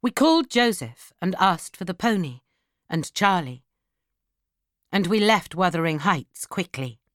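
A woman narrating a classic novel as an audiobook, in slow, expressive storytelling. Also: lowish voice, dry recording, clean studio sound.

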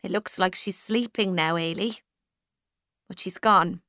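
A woman reading a storybook, voicing a widowed older mother who speaks slowly and quietly in grief. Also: fairly low pitch, no room sound, studio quality. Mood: sorrowful. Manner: slow and quiet. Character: widowed older Irish mother, grieving, lonely.

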